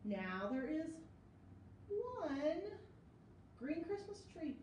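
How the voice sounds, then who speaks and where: A woman, a children's librarian, reading a picture book aloud to kids in a lively sing-song way with sound effects. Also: sits high, normal speed, distant mic, a little hiss or hum. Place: library story room. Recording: echoey room, voice from off-mic.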